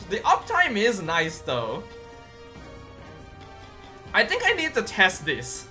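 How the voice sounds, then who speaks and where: A gaming video creator giving casual patch-notes commentary, excitable and quick to squeal with delight. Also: medium pitch.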